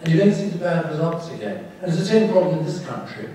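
A man's voice: fairly high pitch, animated, fast, warm tone, slight background noise. An older English neurosurgeon in his sixties giving a candid, wry public talk in a lecture hall. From England. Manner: wry, candid, self-deprecating asides. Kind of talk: public talk with audience questions. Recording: echoey hall from far off.

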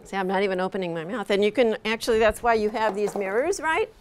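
In a classroom with students, a middle-aged woman teaches pronunciation, patiently demonstrating sounds and repeating them. Her mid-range voice moves at a quick pace, with slight background noise.

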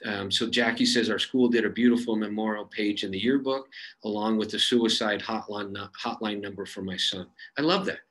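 A man's voice: lowish voice, steady tone, moderate pace, a bit bright, rough recording. Earnest man answering questions on a webinar. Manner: earnest, with frequent fillers and restarts. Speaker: suicide prevention expert answering audience questions. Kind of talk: webinar Q&A, conversational.

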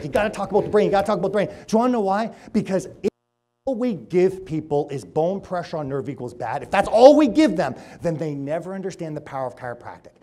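A man speaking as a chiropractor at a live seminar, telling stories energetically, acting out the people in them and swinging between loud and hushed. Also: high-pitched. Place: room with an audience.

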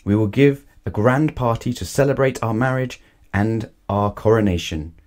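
A young male elephant king speaks courteously and formally, his voice gentle and a touch raised. He sounds cheerful and good-mannered, a picture-book hero, as a man reading aloud puts him on. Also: lowish voice, normal speed, close to an everyday voice. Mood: polite.

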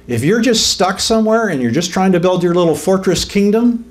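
A man's voice: sits high, lively intonation, a little fast. A man preaching an informal teaching sermon, conversational, often rising to emphatic peaks and asking the room questions. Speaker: pastor.

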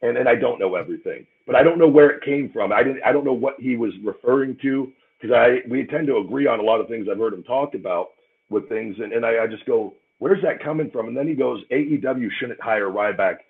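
A man's voice: mid-range voice, quick pace, vocal fry. A man speaking as an interview guest, blunt and profane, often restarting his words as he tells his side. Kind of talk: heated live interview. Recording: tinny phone-line call audio.

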